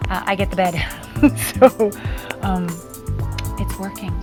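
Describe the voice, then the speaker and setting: A woman's voice: mid-range voice, slow, music in the background. Rambling, heartfelt middle-aged woman. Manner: rambling and heartfelt, many ums. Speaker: vlogger. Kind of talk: casual diary vlog. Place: outdoors near trees.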